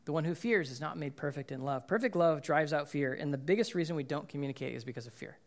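A male pastor delivering a conversational sermon, his voice sitting a little higher than most men's. He talks casually and keeps checking in with the congregation. He slips into lively voices when he acts out what people said. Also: fast talker.

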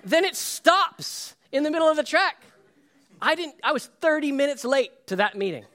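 A middle-aged pastor preaches a sermon at a moderate pace in a very high-pitched voice. He tells stories in an animated way, acting out quotes and laughing along.

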